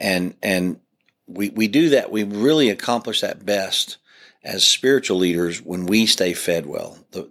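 A man's voice: fairly low pitch, a bit bright. A man who is a pastor, talking earnestly on a podcast about church leadership, restarting his sentences often. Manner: earnest, preacherly, frequent restarts. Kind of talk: podcast discussion.

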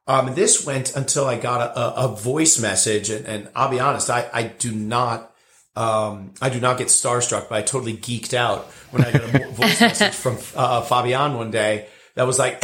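A man's voice: mid-range voice, moderate pace, fairly bright tone. A man, a bartender guest on a podcast, telling a long story in a rambling way with many fillers and restarts. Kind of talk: casual interview storytelling. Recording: roomy echo.

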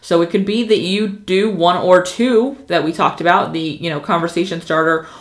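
Woman marketing coach, lowish voice, quick and excited, roomy echo. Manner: fast, energetic and passionate, with many fillers. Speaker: social media marketing coach. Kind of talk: casual instructional talk to camera.

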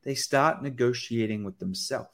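On a conversational podcast, a man appears as a guest sales expert, full of energy as he acts out dialogue from sales calls. His voice sits in the mid range and he speaks at a moderate pace.

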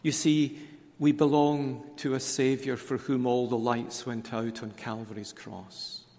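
Male preacher, conference sermon; slow, weighty delivery, hall reverb. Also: medium pitch, flat delivery, dark tone. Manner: slow, deliberate, emphatic repetition.

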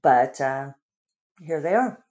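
A woman's voice: rumbling low, lively intonation, takes it slowly, darkish tone, highs cut off. A woman writer chatting casually through her weekly video update, rambling with lots of fillers and little laughs. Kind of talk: casual chat.

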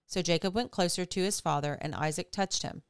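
A woman hosting a podcast, reading scripture aloud in a steady, measured way. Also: lowish voice, clear, resonant tone, no room sound, clean studio sound. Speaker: podcast host.

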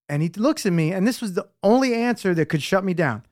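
A man's voice: sits high, fast talker, few pauses, darkish tone, dry recording, studio quality. A man in his thirties co-hosting a casual podcast, a father telling earnest stories and acting out quotes. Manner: earnest storytelling, acts out quotes.

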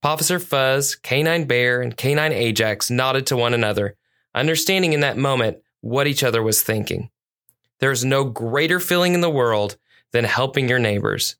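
Measured children's storyteller. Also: mid-range voice, fairly bright tone. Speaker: storyteller for a police department children's series.

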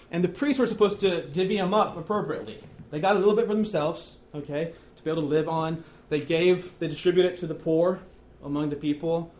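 A young man preaching a sermon in a conversational, self-deprecating storytelling way. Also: on the high side.

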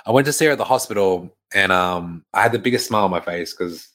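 Deep-voiced young man, frank and casual. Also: fast talker, a bit bright. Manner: frank and conversational, swears freely, laughs between lines. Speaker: fitness coach sharing a personal story. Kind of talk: casual storytelling to camera.

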